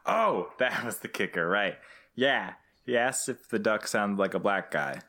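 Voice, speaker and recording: A man co-hosting a casual comedy podcast, sarcastic and deadpan, swearing freely. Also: lowish voice, unhurried. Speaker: podcast co-host. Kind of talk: casual comedic recap chat.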